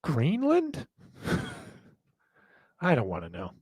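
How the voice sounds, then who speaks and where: Male podcast host, gravelly, self-deprecating rambler, dry close recording. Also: mid-range voice, moderate pace, darkish tone, dry recording. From northern United States. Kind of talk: casual chat.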